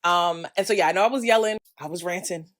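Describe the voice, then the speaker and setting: A young American vlogger and creator gives a candid, passionate talking-head rant, throwing in emphatic asides. Her voice sits on the low side, and she speaks quickly.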